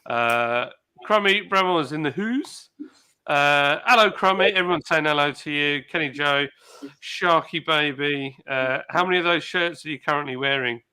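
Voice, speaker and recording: Ill and isolating, this man hosts a casual livestream, chatting, bantering, and reading viewer comments aloud. His voice is a little high and moves at normal speed, sounding pushed and bright with a clean tone.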